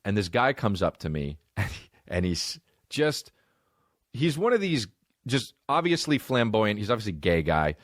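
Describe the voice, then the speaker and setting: A man's voice: on the low side, moderate pace, no room sound, studio quality. A man telling a story in a loose, profane way and acting out what other people said. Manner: animated, profane, acts out other people's lines. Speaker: comedian. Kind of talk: storytelling chat.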